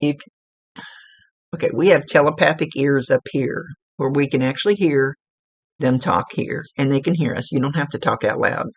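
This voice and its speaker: Gravelly-voiced woman giving a psychic reading. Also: very deep voice, normal speed, dry recording. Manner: informal, rambling, with many fillers and restarts. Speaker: psychic medium. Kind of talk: one-on-one spiritual reading. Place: at home, seated.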